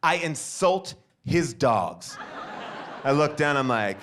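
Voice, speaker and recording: A man doing stand-up storytelling into a stage mic, with a high, lively voice that leaps up and down. He acts out each person in the story as he goes. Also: takes it slowly, a little hiss or hum. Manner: animated, acts out every character in the story. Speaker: stand-up comedian.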